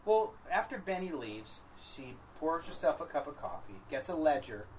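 A man's voice: on the high side, normal speed, recorded from a distance, slight background noise, low-quality recording. A man with a New York accent telling a story in casual chat, acting out the voices of the people in it. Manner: animated storyteller, acts out quotes. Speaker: guest. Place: outdoor flea market.

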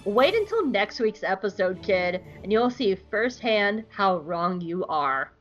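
A woman jokingly voicing a grim older rebel leader, slow and ominous. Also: mid-range voice, sing-song, fairly bright tone, faint music behind. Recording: dull lo-fi podcast audio.

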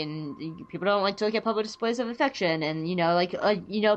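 A woman hosting a podcast in casual chat, talking in an animated, rambling way with frequent restarts. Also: medium pitch, fast talker, few pauses, highs cut off, soft background music. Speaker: podcast host.

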